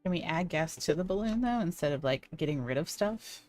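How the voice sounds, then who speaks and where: Lower-voiced woman player, faint music behind. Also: animated, a little mellow. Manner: quick, eager questions. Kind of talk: tabletop game chat.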